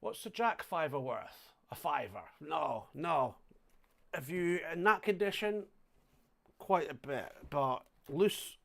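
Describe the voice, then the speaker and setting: A middle-aged Scottish man chatting casually on a home livestream, thinking aloud as he sorts banknotes, with sudden loud exclamations. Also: a little high, big pitch swings, slow pace, vocal fry. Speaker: coin and banknote collector livestreaming. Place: home flat indoors.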